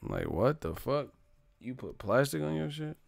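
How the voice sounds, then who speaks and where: A creaky, medium-pitched male voice swings widely in pitch at a moderate pace, captured close to the mic without echo. The young host of the livestream tells profane tales in a casual comedic rant, reading chat names and breaking into loud laughter.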